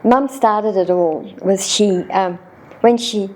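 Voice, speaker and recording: Animated Australian woman telling stories. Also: mid-range voice, slow. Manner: animated, raises her voice when quoting her childhood self. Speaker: interview guest. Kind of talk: storytelling in casual conversation.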